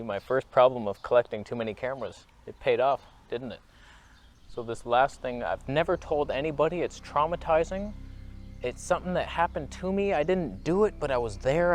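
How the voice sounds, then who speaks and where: A young man talking to camera in a rambling, earnest, half-joking confessional monologue, filming his own vlog. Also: mid-range voice. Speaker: vlogger.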